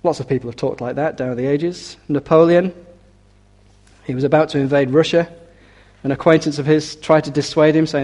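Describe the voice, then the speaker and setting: A man preaching a sermon, reading scripture slowly and building to forceful, emphatic declarations. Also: a little high, steady tone. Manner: reads scripture aloud with slow weight.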